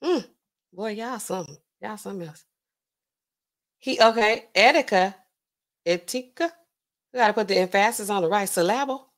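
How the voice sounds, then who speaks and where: A woman's voice: medium pitch, brisk, pauses often. A woman pharmacist hosting a casual livestream, chatting loosely with features, reading out viewers' comments, laughing often and reacting with big swings in her voice. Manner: chatty, animated, laughs often, talks back to chat.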